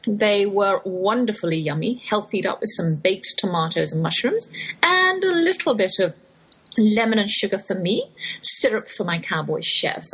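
English accent, middle-aged woman, husky voice, chatty radio host. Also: medium pitch, fairly bright tone, rough recording. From West Germany. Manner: cheerful, chatty, faith-inflected. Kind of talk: chatty scripted radio monologue.

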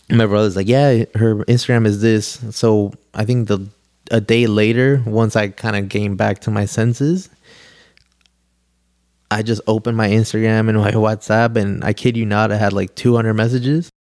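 Gravelly young man telling a story. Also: fairly low pitch, steady tone, measured pace, darkish tone, no echo, clean studio sound. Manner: rambling, heavy use of "like", swears freely. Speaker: podcast guest. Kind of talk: casual storytelling.

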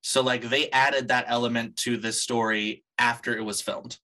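A man's voice: medium pitch, little pitch movement, normal speed, sharp tone. A man co-hosting a casual podcast chat, explaining things in a matter-of-fact way. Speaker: podcast co-host.

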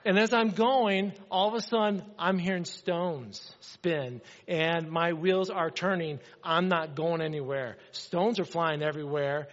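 High-voiced pastor in an echoing hall. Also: male voice, measured pace, hardly any pauses. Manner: animated, acts out dialogue in his stories. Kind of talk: sermon storytelling. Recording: dull sound with long hall reverb.

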